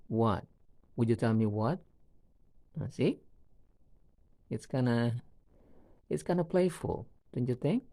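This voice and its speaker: A man's voice: mid-range voice, dark tone, dry recording. A man teaching an English lesson, saying each example sentence twice and checking in with listeners with a "see?" or "right?". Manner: slow, repeats each example sentence, asks students rhetorical checks.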